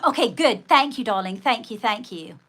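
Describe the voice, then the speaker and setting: A woman's voice: fairly high pitch, lively intonation, normal speed, fairly bright tone. A woman hosting a casual livestream, chatting with viewers and thanking them, often calling them darling. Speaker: livestream host.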